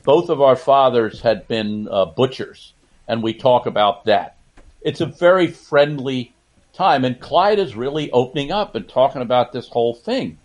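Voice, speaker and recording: A man's voice: mid-range voice, lively intonation, moderate pace. An older man, a sportswriter guest on a podcast, telling stories in a casual interview and laughing as he goes.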